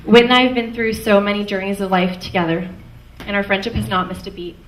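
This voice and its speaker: A woman's voice: medium pitch, little pitch movement, fast talker. A young woman from Canada, the maid of honor, giving a fond, light wedding toast and chuckling between lines. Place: wedding reception hall. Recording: echoey hall from far off, faint noise.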